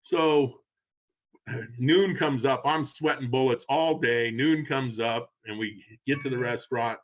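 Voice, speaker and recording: An older man telling a long rambling story in casual chat, animated and laughing, acting out quotes in a raised voice. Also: medium pitch. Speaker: guest storyteller. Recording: dull lo-fi sound.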